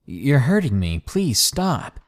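A man voicing a frightened young woman who pleads in a strained, hushed way, in a horror story narration. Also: mid-range voice, sing-song, slow. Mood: pleading. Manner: pleading, strained, trying to stay quiet.

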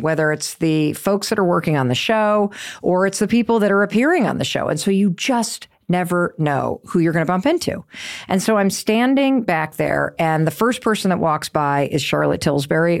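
A woman's voice: deep voice, creaky. Middle-aged woman, podcast host, gushing storyteller who acts out the quotes with gasps.

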